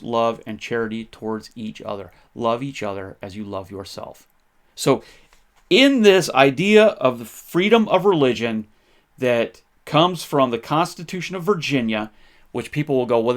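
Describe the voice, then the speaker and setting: Fired-up male podcast host, mid-pitched voice, faith-and-history commentary, stumbles and restarts as he talks. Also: a bit bright. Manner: impassioned, gets fired up; conversational, frequent restarts.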